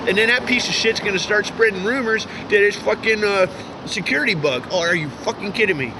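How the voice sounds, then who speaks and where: A man's voice: high-pitched, a little fast. Man ranting profanely on a noisy street. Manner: profane, stammering, lots of fillers. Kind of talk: rambling outdoor rant.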